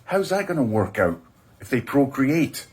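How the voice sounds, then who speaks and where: A man with a husky, slightly breathy voice at a middling pitch delivers a deadpan satirical film review. His talk rambles and stays sardonic and self-mocking. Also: moderate pace.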